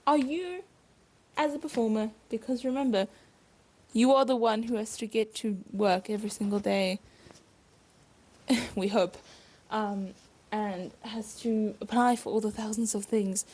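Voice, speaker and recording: A woman's voice: on the high side, fairly even intonation, a little slow, long pauses, a little mellow, breathy edge. A woman hosting her own podcast, a stage performer talking casually and reflectively with frequent asides and laughs.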